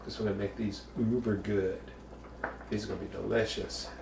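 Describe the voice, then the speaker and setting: A man's voice: on the low side, level tone, brisk, creaky, darkish tone, reverberant, far from the mic, a little hiss or hum. A man from the Bronx, hosting a casual home cooking show, chatty and jokey with bawdy asides. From the Bronx, New York.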